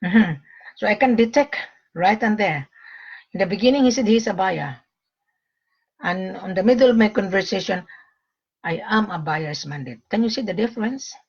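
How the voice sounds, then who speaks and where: A woman's voice: medium pitch, normal speed, long pauses, breathy edge, dull audio. A woman selling gold, talking to viewers on her own live stream in a blunt, lecturing way, dropping frequent "mm-hmm"s. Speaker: gold seller hosting her own page.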